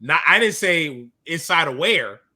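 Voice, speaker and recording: Animated man chatting about basketball. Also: a little high, measured pace. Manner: animated, jokey, distracted mid-talk. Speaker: podcast co-host. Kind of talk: casual sports chat.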